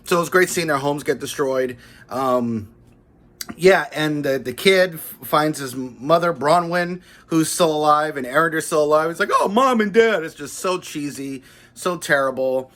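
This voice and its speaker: A man's voice: on the high side, a little slow, fairly bright tone. Blunt man ranting in a review. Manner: blunt, dismissive, complaining. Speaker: host of a pop-culture review channel. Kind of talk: casual spoken TV episode review.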